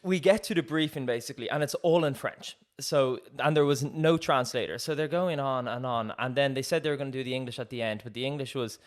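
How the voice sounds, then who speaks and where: A man's voice: medium pitch, a little fast, hardly any pauses. A young man, a podcast co-host telling a story in casual chat, acting out quoted dialogue with frequent laughs. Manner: lively, acts out quoted dialogue, laughs often.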